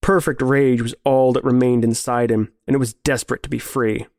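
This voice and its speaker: A man narrating a grim story in a measured, serious way. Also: medium pitch, level tone, darkish tone, no room sound, studio quality. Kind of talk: scripted horror story narration.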